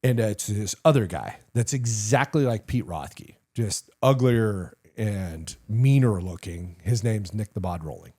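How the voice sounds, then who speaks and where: A middle-aged retired army sergeant major telling war stories in a casual interview, animated and profane, with lots of "like" and "you know.". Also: male voice, fairly low pitch, unhurried, hardly any pauses, breathy edge.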